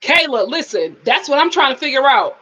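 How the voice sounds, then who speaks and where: A woman with a high, bouncy voice that swings widely in pitch, hosting a live review stream. She chats casually and playfully with viewers and laughs often. The audio is dull and lo-fi. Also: sing-song, a little fast, a bit bright.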